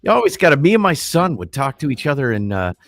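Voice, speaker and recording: Hombre charlatán y animado en directo. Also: male voice, medium pitch, quick pace, no echo. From US Midwest. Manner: rambling, excitable, swears freely. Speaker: livestream co-host. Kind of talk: casual chat.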